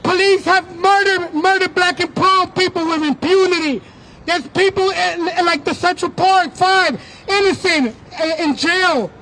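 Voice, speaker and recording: A man's voice: extremely high pitch, steady tone, measured pace, bright, forceful tone, slight background noise, poor audio. A man speaking at an outdoor street protest, delivering a fervent rally speech into a microphone, repeating words as he builds.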